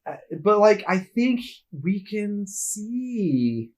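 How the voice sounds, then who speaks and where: A man's voice: sits high, big pitch swings, very slow. A man co-hosting a film podcast, chatty and nitpicking, often laughing as he talks. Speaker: podcast co-host. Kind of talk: casual film discussion.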